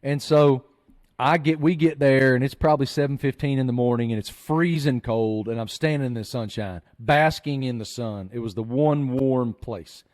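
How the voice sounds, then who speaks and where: A man hosting a podcast, telling a story in an earnest, animated way. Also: medium pitch, moderate pace. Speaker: podcast host. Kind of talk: storytelling chat.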